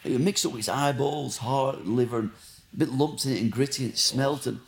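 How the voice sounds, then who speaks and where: A man's voice: mid-range voice, fast talker, vocal fry. A man from Blackburn, telling rambling, sweary stories as a guest in a casual interview. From Blackburn, England. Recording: roomy echo.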